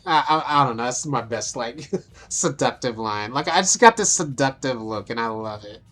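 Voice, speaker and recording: A woman's voice: a bass voice, expressive, normal speed, a bit bright, faint music behind. A young adult woman vlogging casually, brash and profane, amused at herself as she talks through photos. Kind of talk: casual vlog talk over photos.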